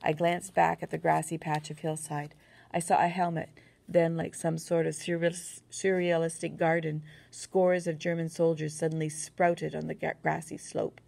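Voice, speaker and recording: A woman reading a first-person war novel aloud as an audiobook narrator, in a steady, earnest storytelling manner. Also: sits low, moderate pace, gravelly.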